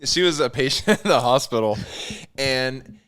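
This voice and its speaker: A man's voice: mid-range voice, animated, moderate pace, a bit bright, clean tone. A man co-hosting a podcast, telling a story from nursing school in casual chat. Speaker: podcast co-host.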